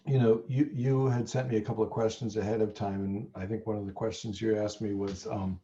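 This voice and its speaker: A man being interviewed as a nutrition scientist, talking in a thoughtful, halting way with a lozenge in his mouth. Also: lowish voice, level tone, mellow, highs cut off. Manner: thoughtful, stammers on restarts. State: talking around a throat lozenge. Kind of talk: conversational interview.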